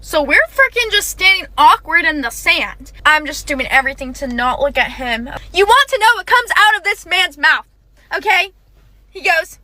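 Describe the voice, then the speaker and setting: Young woman, casual storytime, very high voice, animated and quick. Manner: animated and fast, with frequent "like" and "okay".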